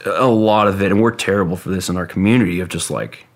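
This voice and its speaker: A man telling a long personal story in a casual, halting way, full of "like" fillers and swearing. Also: low-pitched. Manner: rambling, halting, heavy with "like" and swearing.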